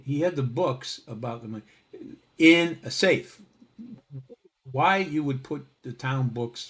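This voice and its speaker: A man's voice: medium pitch, creaky. Give me a man with a wry, chatty storytelling voice who keeps going off on asides. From Connecticut. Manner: wry, digressive, lively asides. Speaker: storyteller host. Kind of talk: casual anecdotal storytelling.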